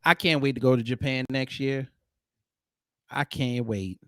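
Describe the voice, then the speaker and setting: A man hosting casual reaction commentary, animated and exclamatory, with heavy slang and jokes. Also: medium pitch, measured pace, noisy background. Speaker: commentary host.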